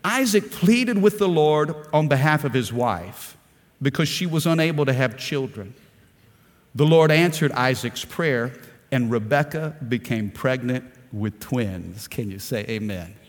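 A man's voice: medium pitch, animated, measured pace, in a large hall. A male pastor preaching a sermon with passion, calling on the congregation to respond and often stammering as he restarts phrases. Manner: impassioned preaching with call-and-response prompts.

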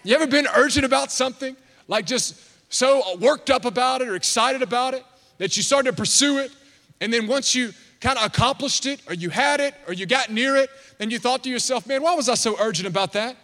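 A man in his thirties preaching in church, telling a funny story in an animated, excitable, self-mocking way. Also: very high-pitched, fairly quick. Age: 30s. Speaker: pastor. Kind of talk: humorous storytelling sermon. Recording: long hall reverb.

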